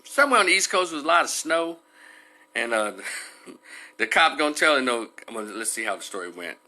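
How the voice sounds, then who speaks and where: A man talking loosely on a livestream, rambling with many fillers and animated retelling. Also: mid-range voice, normal speed. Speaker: livestream commentator. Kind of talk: casual livestream commentary.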